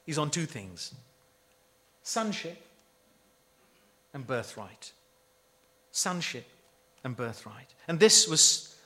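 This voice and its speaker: Man preaching, lively rising and falling pitch, slightly high voice, emphatic. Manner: lively, emphatic delivery with rhetorical questions. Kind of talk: sermon.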